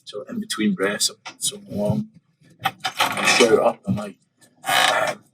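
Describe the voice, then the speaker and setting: A man's voice: medium pitch, big pitch swings, a little slow, background noise. A man, a podcast guest and open water swimmer, casually telling a story with many fillers and quoted thoughts.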